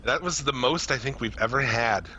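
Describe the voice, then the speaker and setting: A man co-hosting a podcast in casual chat, loose and profane, laughing often, his voice going hoarse. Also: mid-range voice, moderate pace, lo-fi sound, a crowd in the background. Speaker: podcast co-host.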